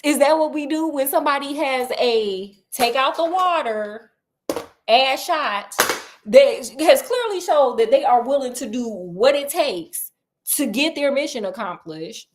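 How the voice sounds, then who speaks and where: A woman retelling a book in a sassy, chatty, comedic way with laughing asides. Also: high voice. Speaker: storyteller.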